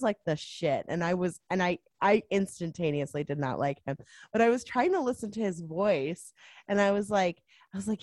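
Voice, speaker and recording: Chatty, rambling woman with a lowish voice. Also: dry recording. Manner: rambling, many fillers and restarts, laughs often. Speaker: podcast co-host. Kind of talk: casual chat about a movie.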